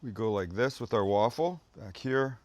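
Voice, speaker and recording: A man's voice: fairly low pitch, animated, normal speed, slight background noise. A man hosting a casual cooking demonstration, chatty and jokey, talking to his crew and himself as he cooks and swearing now and then. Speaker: cooking show host. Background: food sizzling in a pan.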